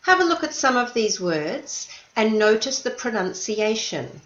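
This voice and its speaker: Guru bahasa Inggris wanita yang lambat dan ekspresif, ruangan bergema. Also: female voice, on the high side, sing-song, fairly bright tone, roomy sound, muffled recording. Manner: patient, stresses syllables deliberately. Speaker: English teacher. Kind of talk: slow, clear English lesson.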